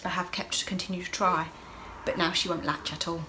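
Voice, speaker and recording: A woman's voice: fairly low pitch, little pitch movement, a little fast, noisy background. A middle-aged woman talking openly and emotionally in a casual video diary, laughing often. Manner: open, emotional, chatty with frequent laughs. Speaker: vlogger.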